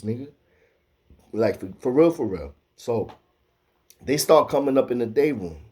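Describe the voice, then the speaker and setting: A man telling a profane, animated street story, acting out the quotes. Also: mid-range voice.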